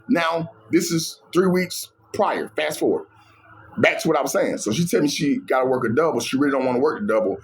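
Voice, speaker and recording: Guy telling a story from his life, voice kinda high, jumps all over as he acts out both people. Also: fairly quick. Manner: animated retelling, acts out both sides of arguments. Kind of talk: casual storytelling.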